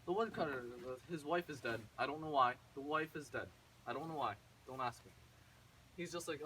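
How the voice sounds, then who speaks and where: Guy rambling thru a fairy tale, high voice, far from the mic. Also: brisk, sharp tone. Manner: rambling, self-correcting, jokey asides. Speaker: storyteller. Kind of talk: casual fairy-tale retelling. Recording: distant mic with faint ambient noise.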